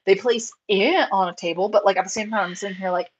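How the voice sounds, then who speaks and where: A woman's voice: medium pitch, quick pace, lo-fi sound, a little hiss or hum. Chatty woman rambling about her hobby. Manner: rambling and animated, full of fillers and acted-out quotes. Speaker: rabbit breeder on a live show. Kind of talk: casual chat.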